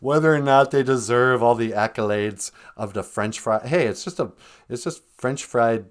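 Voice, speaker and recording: A man's voice: medium pitch, moderate pace. A man hosting a live-stream podcast in casual, rambling chat, joking, laughing often and acting out quoted lines.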